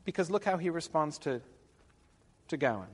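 A man's voice: fairly high pitch, animated, normal speed, husky. A man lecturing a class, rambling with many fillers and wry asides. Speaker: literature lecturer. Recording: long reverb of a lecture hall.

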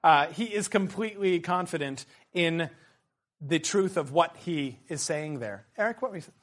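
A man teaching a literature seminar, animated and calling on students by name. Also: a little high, normal speed. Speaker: teacher leading a literature discussion. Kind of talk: seminar discussion.

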